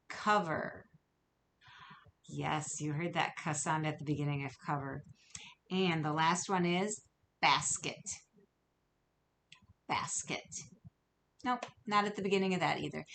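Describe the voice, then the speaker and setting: A woman's voice: on the low side, fairly bright tone, a little hiss or hum. A woman teaching a phonics lesson to young children, speaking patiently and encouragingly, stretching out sounds. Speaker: kindergarten teacher. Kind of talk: recorded remote phonics lesson.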